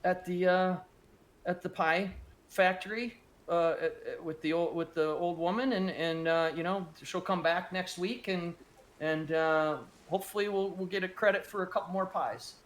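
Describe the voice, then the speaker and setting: Guy doing a broke stammering dad, guilty and desperate, voice pushed up high. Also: fairly even intonation, normal speed, lightly acted. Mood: sheepish. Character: desperate poor father, stammering and guilt-ridden.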